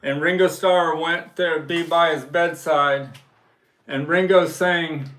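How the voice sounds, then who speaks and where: A man hosting a casual livestream, telling a story slowly and with emphasis and reading viewer messages aloud. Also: a little high, fairly even intonation, a bit bright. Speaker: livestream host. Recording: echoey room.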